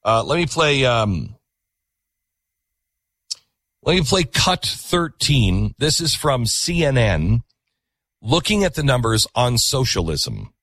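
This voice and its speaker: A man hosts his talk show with an opinionated, emphatic monologue and repeats his points for effect. His pitch swings widely. The sound is close and dry. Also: slow, long pauses, no room sound. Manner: animated, emphatic, repeats himself.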